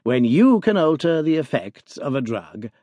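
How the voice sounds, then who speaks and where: A man's voice: fairly high pitch, sing-song, moderate pace, warm tone, no echo, pitched above the performer's own voice. A man voicing a cool, firm doctor in a storybook.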